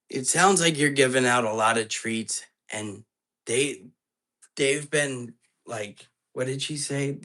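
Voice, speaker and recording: A man's voice: mid-range voice, a bit bright. Anxious man retelling a spooky phone call. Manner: earnest and anxious, rambling with restarts. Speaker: host of a live ghost-hunting stream.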